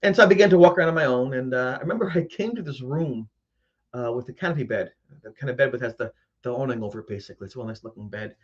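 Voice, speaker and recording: A man's voice: medium pitch, racing, breathy edge, highs cut off. A man host telling a personal ghost story to a live audience, acting out his own frightened reactions. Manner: animated storyteller, acts out his own scared voice.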